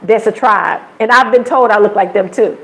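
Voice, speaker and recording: An American woman hosting a casual livestream, telling animated stories, acting out other people's voices and laughing often. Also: medium pitch, moderate pace, creaky, rough recording. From United States. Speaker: livestream host.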